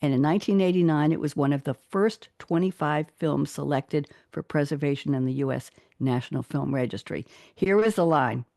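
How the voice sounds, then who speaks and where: Lively woman hosting from home. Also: low voice, gravelly, dry recording, studio quality. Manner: lively, quick and chatty. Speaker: radio show host. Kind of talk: casual radio interview. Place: home studio.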